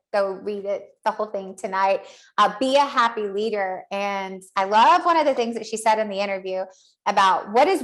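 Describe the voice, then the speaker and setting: A woman hosting a podcast, recapping an interview in an upbeat, encouraging, chatty way. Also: mid-range voice. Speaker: podcast host.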